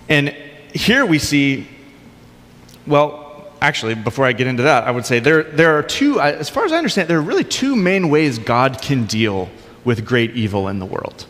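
A man's voice: mid-range voice, sing-song, moderate pace, a bit bright. A male pastor preaching a sermon in a conversational, informal way with light humor. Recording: long hall reverb.

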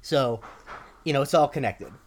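A man's voice: mid-range voice, expressive, normal speed, slight background noise. A young man co-hosting a podcast, recapping a TV episode in a rambling, casual chat with dry asides. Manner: rambling, many ums and restarts, dry asides. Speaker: podcast co-host.

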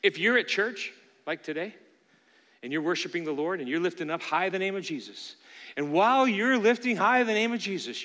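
Bright-voiced man preaching in a reverberant church. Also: sits high, lively intonation, fairly quick. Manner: earnest, conversational preaching to a congregation. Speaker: pastor. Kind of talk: sermon. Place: church sanctuary. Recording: long hall reverb from a church room.

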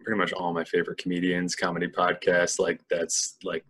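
A man's voice: low voice, monotone, a little fast, fairly bright tone, breathy edge. A young man as a podcast guest, chatting casually and enthusiastically with lots of slang. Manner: enthusiastic, says "dude" and "like" often.

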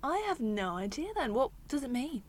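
Brief: woman, podcast host, playful and giggly, slightly high voice. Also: very animated, moderate pace, a little hiss or hum. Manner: bubbly, laughs often, playful. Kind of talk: casual chat.

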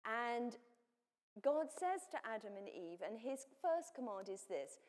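A woman's voice: a little high, sing-song, unhurried, a little mellow. A woman giving a sermon, explaining scripture in a plain teaching manner with frequent self-corrections. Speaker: preacher. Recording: long hall reverb.

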